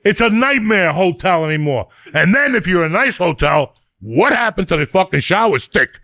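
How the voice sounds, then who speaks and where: Gravelly-voiced New man ranting. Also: high voice, animated, normal speed, pushed and bright, no room sound. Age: middle-aged. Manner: profane, rambling storytelling. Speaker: podcast host. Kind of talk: crude comedic rant.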